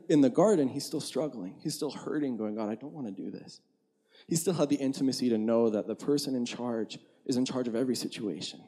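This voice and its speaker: A man's voice: mid-range voice, warm tone. A young man preaching a casual, conversational sermon as a pastor, filling his talk with "like" and laughing at himself.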